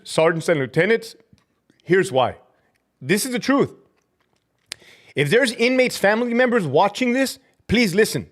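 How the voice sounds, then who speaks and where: Man, somewhat high voice; furious, foul-mouthed ex-prison guard on a livestream. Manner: profane, heated, ranting; drops Spanish slang into English. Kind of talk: livestream rant reading viewer comments.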